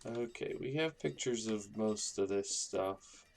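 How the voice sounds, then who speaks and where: A man's voice: fairly low pitch, takes it slowly, darkish tone. A man casually commenting on his own gameplay, rambling and thinking aloud as he builds a town. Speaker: gaming YouTuber.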